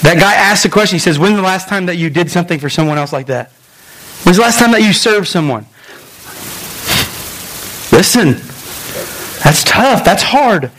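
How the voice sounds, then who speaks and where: High-voiced animated man preaching. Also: slight background noise, rough recording. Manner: lively storytelling, acts out voices, quick asides. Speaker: pastor. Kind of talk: sermon.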